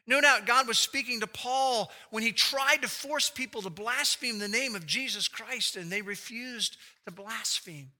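Bright-voiced male preacher asking rhetorical questions. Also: sits high. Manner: expository, with rhetorical questions to the audience; acts out quoted speech with big shifts in loudness. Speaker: pastor. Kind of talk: sermon.

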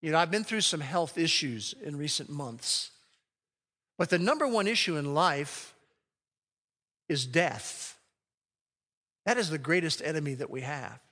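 High, bright-voiced preaching man. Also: animated. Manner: emphatic, slows down to read scripture. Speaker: pastor. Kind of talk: sermon. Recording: long hall reverb.

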